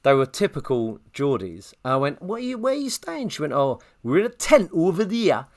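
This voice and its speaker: Animated man telling a story. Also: normal speed. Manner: animated storyteller, jumps pitch for quoted voices. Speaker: podcast co-host. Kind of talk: casual anecdote telling.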